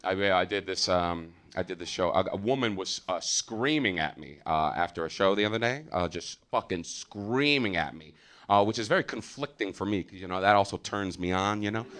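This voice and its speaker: A man with an American accent doing live stand-up, loud and profane, with a lot of filler uhs. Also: low voice, fairly quick. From United States. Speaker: stand-up comedian. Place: comedy theater stage.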